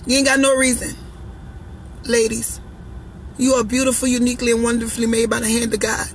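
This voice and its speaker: In this low-quality clip with a bit of background noise, a mother vlogging about relationships speaks her mind bluntly and with sass. Her voice sits a little high, brisk but flat in delivery. She's preachy and emphatic, driving each point in through repetition.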